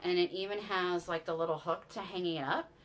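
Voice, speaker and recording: A woman's voice: lowish voice, steady tone, brisk. A woman, chatting casually to camera about things she bought, gushing and sentimental. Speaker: vlogger. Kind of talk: casual haul chat to camera.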